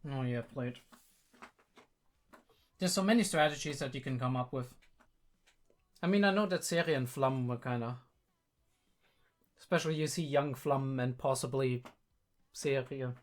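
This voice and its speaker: A medium-pitched young adult man, not a native speaker of English, hosts a laid-back reaction video. He works through his thoughts aloud, often stopping and starting over.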